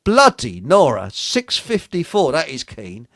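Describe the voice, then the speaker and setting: A man's voice: a little high, huge pitch swings, a little slow, fairly bright tone, dry recording. A man hosting a casual livestream, rambling, joking, swearing and reading out viewer comments. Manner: jokey, rambling, swears, laughs often. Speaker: livestream host.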